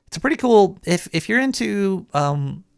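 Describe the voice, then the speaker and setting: A man's voice: sits high, lively intonation, moderate pace, vocal fry, clear, resonant tone, no room sound, studio quality. A man playing a paranoid male cartoon rat who hosts a call-in radio show, rambling with lots of restarts.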